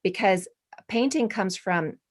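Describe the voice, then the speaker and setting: A woman's voice: mid-range voice, takes it slowly. A woman in her forties, a guest artist, talking in an earnest, rambling way with many restarts. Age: 40s. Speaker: guest artist and art professor. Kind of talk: spiritual casual interview.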